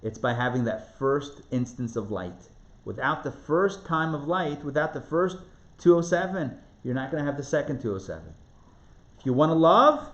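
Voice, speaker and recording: A man who is a rabbi teaching a live class, asking rhetorical questions and repeating phrases for emphasis. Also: medium pitch. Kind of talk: live lecture on Jewish spiritual text. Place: lecture room in front of a live audience. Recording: roomy, somewhat dull live recording.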